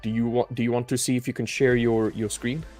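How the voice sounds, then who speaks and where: A man's voice: medium pitch, level tone, a little fast, darkish tone, faint music behind. A man co-hosting a trading stream, bantering in a friendly, easygoing way and calling people mate. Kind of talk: casual live-stream chat.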